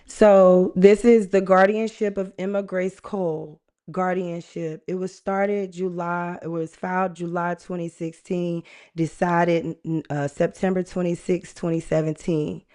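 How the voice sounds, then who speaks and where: A woman's voice: lowish voice, little pitch movement, a little slow, warm tone. Chatty woman hosting a live true-crime stream. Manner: chatty, earnest, talks straight to viewers. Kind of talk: casual live-stream commentary.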